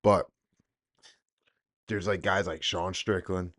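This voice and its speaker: A young man with a low voice chats casually as a podcast host, swearing freely and laughing along. The sound is dry and close, with no room around him. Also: level tone, slow, fairly bright tone, no room sound. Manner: profane, laid-back, laughs often. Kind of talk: casual chat.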